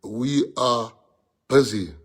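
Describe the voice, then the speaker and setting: A man's voice: medium pitch, drawn-out words. Emphatic South African man rallying members. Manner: emphatic, repeats phrases, mixes in Afrikaans. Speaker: party leader. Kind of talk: rallying address to party members.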